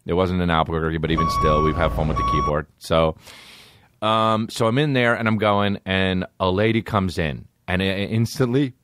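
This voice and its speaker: A man, a podcast host telling stories in a casual, animated way, swearing a lot and acting out voices. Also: deep voice, moderate pace. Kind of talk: casual storytelling.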